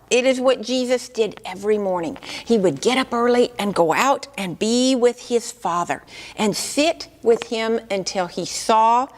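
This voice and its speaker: A woman teaching on prayer in a church, telling a story in a lively way and acting out the voices of the people in it. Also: medium pitch, long reverb tail. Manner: lively, acts out quoted voices. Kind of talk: sermon storytelling.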